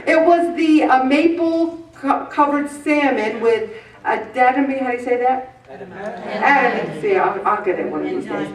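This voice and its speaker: With crowd noise around her, a fifties-aged weight-loss group leader addresses her audience in a meeting room, preaching motivation earnestly while slipping in humorous asides. Her voice sits high and moves at a moderate pace, and the echoey recording catches her from a distance.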